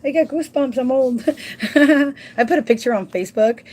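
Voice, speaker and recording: A woman's voice: high-pitched, normal speed, darkish tone. A woman in her forties, a livestream host chatting casually with viewers by name and explaining timesheets, now and then dropping into Spanish. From Southern California. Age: 40s. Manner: folksy instructional explaining.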